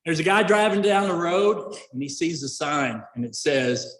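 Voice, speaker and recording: A man's voice: a little high, expressive, normal speed, fairly bright tone, echoey room, long reverb tail, slight background noise, low-quality recording. A middle-aged man giving a folksy after-dinner speech, full of fillers and restarts. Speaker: Rotary club member giving award introduction. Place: event hall.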